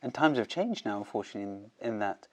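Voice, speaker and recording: A man's voice: mid-range voice, very animated, darkish tone. Polite male doctor asking questions. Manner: measured, polite, frequent brief affirmations. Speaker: doctor hosting a podcast. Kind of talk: interview questions.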